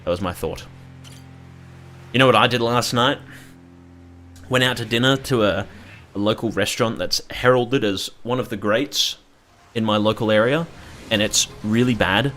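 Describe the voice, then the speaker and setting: A man's voice: fairly low pitch, normal speed, long pauses, a bit bright, faint music behind. Rambling young Australian man streaming. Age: 20s. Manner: rambling, profane, jokey. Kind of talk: casual chat while streaming a game.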